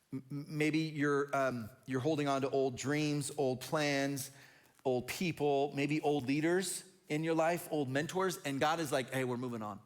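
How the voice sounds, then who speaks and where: A man preaching a sermon as a pastor, energetic and animated, often stumbling and repeating words as he builds a point. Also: medium pitch.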